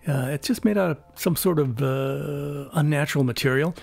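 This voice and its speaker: An older man in his seventies from California, giving a casual unboxing review. His voice sits fairly high and sounds dry and close, with faint music underneath. He rambles along, pausing often on fillers. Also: vocal fry, darkish tone, no echo. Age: 70s. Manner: rambling, many filler pauses, chuckles. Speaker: YouTube product reviewer.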